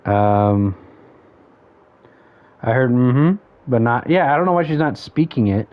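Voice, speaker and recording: A man with a mid-range voice and lively intonation chats at an unhurried pace as he streams a game. He thinks aloud and counts off options under his breath, and the audio is dull and lo-fi.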